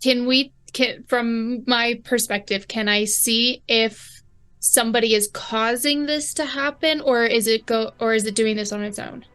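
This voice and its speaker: A woman's voice: a little high, steady tone, measured pace, a bit bright, clean tone. A woman playing a tabletop game, asking brief, eager questions. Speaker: player. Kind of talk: casual chat at a game table.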